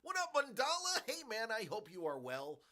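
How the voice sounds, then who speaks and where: A man in his forties, a stream host, ranting in a rambling, animated way about a movie in casual chat. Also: very high voice, moderate pace.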